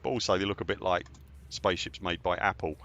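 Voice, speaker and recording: A man's voice: low-pitched, fairly even intonation, fast, fairly bright tone, muffled recording. A man casually chatting while live-streaming a game, rambling and answering viewers as he plays.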